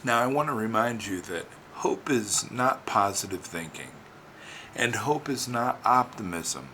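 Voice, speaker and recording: A man's voice: on the low side, expressive, measured pace, sharp tone, slight background noise, low-quality recording. A man giving an inspirational sermon, speaking in rhythmic, repeated phrases that build to emphatic rises. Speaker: preacher.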